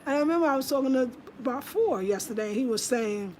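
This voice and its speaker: A middle-aged American woman vlogs casually at home, her high, animated voice moving at a quick pace with a darkish tone. Chatty and emphatic, she mimics voices as she quotes people, over slight background noise.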